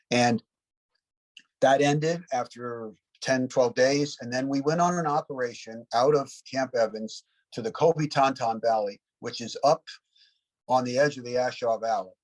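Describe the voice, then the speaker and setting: A man in his seventies with a husky, slightly worn voice sits for an interview about his time as a Vietnam veteran. He tells long, meandering anecdotes, often stopping for "you know" and small restarts. His pitch sits in an ordinary middle range. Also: rough recording. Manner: rambling anecdotal storyteller, frequent "you know" asides. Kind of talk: reflective war storytelling.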